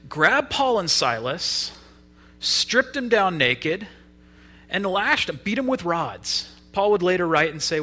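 A young adult man preaching a sermon, retelling a story in a casual, lively way. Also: on the high side.

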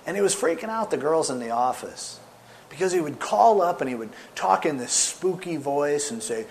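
A man preaching a sermon with animated storytelling, swinging between loud emphasis and soft asides. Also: a little high, moderate pace, slight background noise. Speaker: pastor.

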